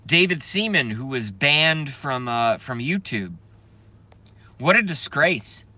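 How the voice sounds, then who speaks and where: A man's voice: mid-range voice, very animated, pushed and bright, dry recording. A man on a casual live stream, rambling and swearing, reading chat aloud and laughing often, with many trailing filler sounds. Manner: self-interrupting, drawn-out filler sounds.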